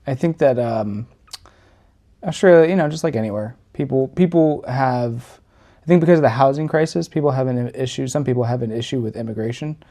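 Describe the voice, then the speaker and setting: A man's voice: medium pitch, brisk, mellow. A young man from the United States talks casually as a reaction video host. He rambles in a mid-range voice and keeps restarting his thoughts. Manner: chatty, trails off and restarts. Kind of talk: casual commentary.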